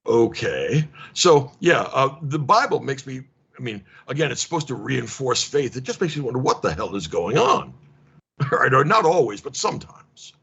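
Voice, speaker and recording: Wry gravelly man lecturing on a call. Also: mid-range voice, moderate pace. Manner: wry, animated, acts out dialogues with mock exasperation. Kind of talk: casual seminar discussion. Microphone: video call. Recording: lo-fi online call audio.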